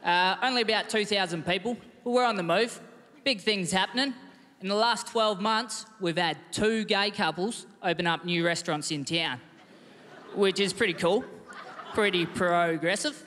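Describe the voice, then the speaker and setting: A man's voice: high-pitched, normal speed, slight background noise. A man in his thirties with an Australian accent, doing a laid-back, self-mocking stand-up set. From Western Australia. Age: 30s. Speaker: stand-up comedian. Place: large comedy festival theatre. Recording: reverberant theatre with loud crowd.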